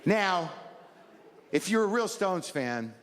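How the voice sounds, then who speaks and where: A man in his sixties doing a stand-up routine, neurotic and self-deprecating, jumping into high mocking voices. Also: big pitch swings, takes it slowly, fairly bright tone, slight background noise. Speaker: stand-up comedian. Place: large comedy venue with live audience. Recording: roomy stage recording with crowd laughter.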